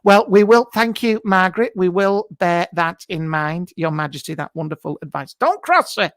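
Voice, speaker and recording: A man performs a brash, camp psychic medium hosting a live stream from his garage, crude and teasing. The voice sits high and swoops about with lively energy. The sound is dry and close, like a computer mic. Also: moderate pace, no room sound. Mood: teasing, bawdy. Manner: bawdy, teasing, breaks into frequent laughter. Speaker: host of a live psychic comedy show. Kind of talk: improvised live-stream comedy character. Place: double garage at home.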